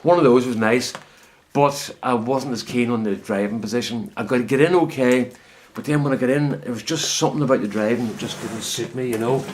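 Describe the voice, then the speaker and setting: A Northern Irish man talks casually in his greenhouse, drifting from one point to the next and correcting himself. His voice sits at an ordinary middle pitch, with a faint hiss behind it. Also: fairly quick, a little mellow. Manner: rambling storyteller, self-correcting. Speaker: vlogger. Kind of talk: casual chat.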